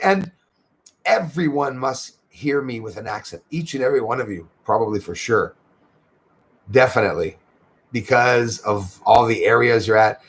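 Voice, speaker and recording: A man's voice: mid-range voice, lively intonation, normal speed, low-quality recording. A man hosting a livestream, chatting casually and upbeat with his viewers and thanking them by name. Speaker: livestream host.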